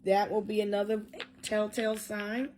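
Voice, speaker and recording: A woman's voice: medium pitch, level tone, moderate pace, a little mellow, slight background noise. A woman giving a loose, joking tarot reading, freestyling and cursing as she goes. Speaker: tarot reader.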